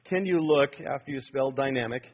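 A man preaching a sermon as a pastor, animated and emphatic, prompting his congregation to answer. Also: mid-range voice, fairly quick, slightly rough, dull audio.

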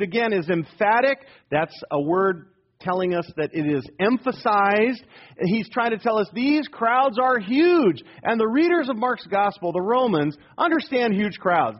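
A man's voice: sits high, breathy edge. A man preaching a sermon as pastor, plain-spoken and down to earth, driving points home with rhetorical questions and repetition. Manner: down-to-earth, calls himself rednecky. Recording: dull lo-fi sermon recording.

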